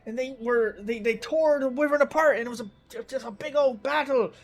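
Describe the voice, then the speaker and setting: A man's voice: very high voice, a little fast, pitched above the performer's own voice. A man voicing a frightened young male captive who pleads in a stammering rush. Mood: pleading.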